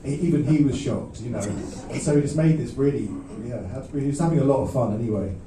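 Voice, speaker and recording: Between songs at a small live music venue, a singer-songwriter offers rambling banter, halting and self-deprecating, with many restarts. His mid-range voice comes through a stage vocal mic on a roomy, distant audience recording with background noise.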